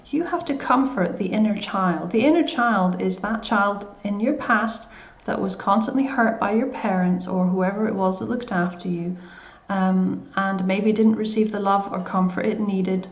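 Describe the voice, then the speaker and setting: A coach in a self-help video gives viewers coping advice in a soft, unhurried and hesitant manner, often pausing on fillers and restarting sentences. Her voice is an ordinary middle pitch, and the room has a noticeable echo.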